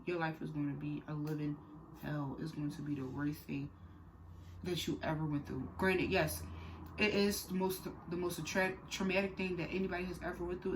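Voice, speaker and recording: Low-voiced young woman, candid vlog talk. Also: a little hiss or hum, low-quality recording. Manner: candid, conversational, many fillers and repeats; earnest and direct when advising. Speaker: vlogger. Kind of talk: personal storytime vlog.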